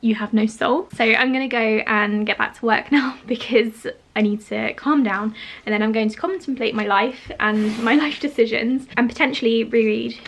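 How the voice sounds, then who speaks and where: A young woman from the UK chatting excitedly in a casual vlog, gushing and emotional as she talks about books. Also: fairly high pitch, moderate pace. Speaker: book vlogger.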